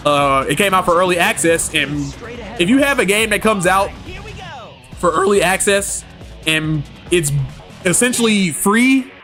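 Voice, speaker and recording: Male streamer, slangy and laid-back, slightly high voice, faint game music behind. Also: expressive, unhurried, sharp tone. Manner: laid-back slangy talk, laughs often. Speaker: streamer reading chat. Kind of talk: casual live-stream chat.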